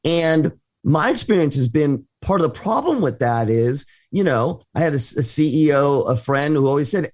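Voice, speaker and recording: A man's voice: fairly high pitch, animated, moderate pace, few pauses. A man co-hosting a business talk show, speaking conversationally with frequent restarts and hesitations. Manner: hesitant, many restarts and fillers. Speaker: podcast co-host.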